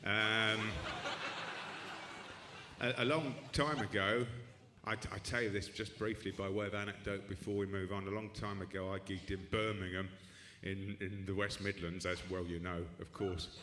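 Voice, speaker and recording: Low-voiced dry stand-up comic. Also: male voice, steady tone, moderate pace, sharp tone. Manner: dry, rambling, self-deprecating asides with many restarts. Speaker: stand-up comedian. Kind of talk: stand-up comedy set. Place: comedy club stage with live audience. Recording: echoey club room with audience noise.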